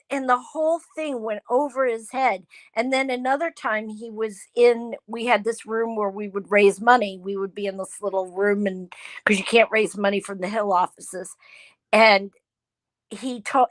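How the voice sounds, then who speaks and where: Animated woman telling stories, dry sound. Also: a little high, dry recording. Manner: animated storyteller, acts out quoted dialogue. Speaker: host. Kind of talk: casual chat.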